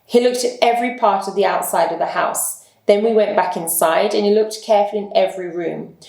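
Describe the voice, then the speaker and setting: A woman teacher reads a story aloud for language learners in clear, careful narration. Her voice sits at a middle pitch. The recording has a noticeable room echo. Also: brisk, a little mellow. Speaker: English teacher reading a story. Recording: echoey room.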